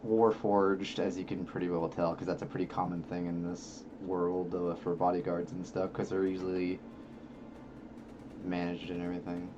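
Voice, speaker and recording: A man's voice: low voice, little pitch movement, moderate pace, lo-fi sound, background noise. A man narrating as game master, loose and hesitant, full of filler words.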